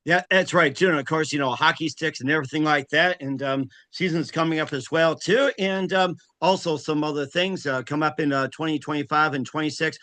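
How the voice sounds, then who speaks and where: Man, show host, halting, filler-heavy questions, bright tense voice, slightly high. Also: steady tone. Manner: halting, many fillers and restarts. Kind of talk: casual interview chat.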